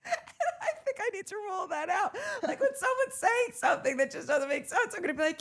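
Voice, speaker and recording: A woman's voice: very high voice, very animated, a little fast, few pauses, a bit bright. Chatty woman podcast co-host. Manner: chatty, jokey, laughs often. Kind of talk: casual recap chat.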